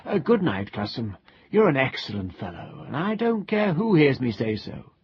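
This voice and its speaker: A man voicing a tipsy, pompous middle-aged gentleman who speaks with exaggerated, sing-song civility. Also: mid-range voice, sing-song, moderate pace, husky, no echo, voice pushed up. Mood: tipsy, genial. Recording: dull lo-fi recording.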